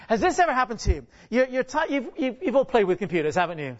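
A man's voice: extremely high pitch, big pitch swings, quick pace. Chatty man preaching, dull lo-fi sound. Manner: chatty, jokey, asks the congregation many rhetorical questions; frequent restarts and repeated words. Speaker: guest preacher. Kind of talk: conversational sermon. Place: church, on a stage. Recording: dull lo-fi recording.

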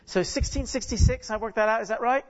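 A man's voice: extremely high pitch, quick pace. Chatty man preaching, dull lo-fi sound. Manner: chatty, jokey, asks the congregation many rhetorical questions; frequent restarts and repeated words. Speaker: guest preacher. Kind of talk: conversational sermon. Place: church, on a stage. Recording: dull lo-fi recording.

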